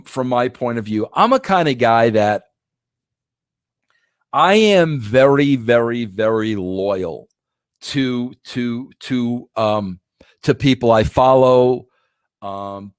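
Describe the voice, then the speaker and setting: A man's voice: medium pitch, clean tone, dry recording. A middle-aged man hosting a podcast, telling a long casual story with many restarts and emphatic repeats. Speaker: podcast host.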